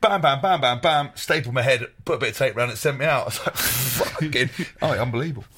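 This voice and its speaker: A man's voice: medium pitch, expressive, quick pace, background noise. A man telling casual anecdotes with lots of swearing, quoting himself in his stories.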